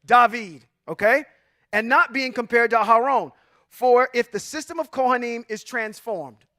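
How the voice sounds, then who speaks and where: High-voiced emphatic male bible teacher. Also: moderate pace, dry recording, clean studio sound. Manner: emphatic, preacherly, swings between loud and quiet asides. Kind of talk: sermon-style bible teaching.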